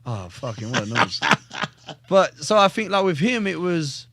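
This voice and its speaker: A man's voice: fairly high pitch, very animated, normal speed, a bit bright, no echo, studio quality. A man, a professional fighter, telling his life story as a podcast guest in a blunt, profane, joking way, often stumbling and repeating words. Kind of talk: casual storytelling in a podcast interview.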